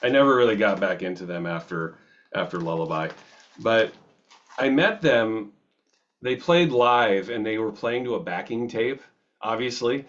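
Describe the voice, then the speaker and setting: Rambling low-voiced man reviewing records. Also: expressive, measured pace, fairly bright tone, highs cut off. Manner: rambling, chatty, self-interrupting with restarts. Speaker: music video host.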